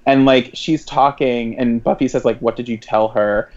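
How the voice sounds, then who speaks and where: A man rambles through a casual podcast discussion of a TV episode, his words tumbling out in quick, animated asides. The recording sounds a little dull and lo-fi. His pitch sits in the middle for a man. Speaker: podcast co-host.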